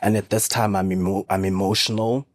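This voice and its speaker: A man speaks in a deep, even monotone, telling his story slowly and haltingly with many pauses. The sound is dry and close, with no room around it. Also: no echo. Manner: halting, measured storytelling with frequent pauses and fillers. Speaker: podcast guest. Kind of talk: personal testimony in an interview.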